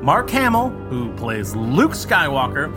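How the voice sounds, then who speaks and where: A man's voice: medium pitch, big pitch swings, measured pace, loud music behind the voice. A man voicing a stiff, self-important female studio robot in a comedic game show podcast. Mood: prim. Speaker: sound effects robot sidekick.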